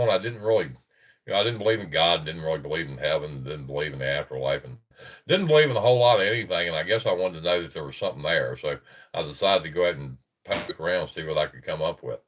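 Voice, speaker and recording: A man's voice: low-pitched, lively intonation, fast, a bit bright, distant mic. A man hosting a paranormal chat show, talking casually and rambling with many restarts. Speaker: podcast host.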